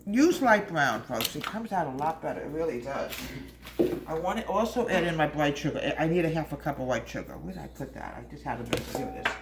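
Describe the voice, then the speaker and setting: Talking fast and animated in a low voice, a woman hosts a homespun baking video from her kitchen. She keeps calling viewers "folks" and wanders into small talk while working, with echo and background noise around her.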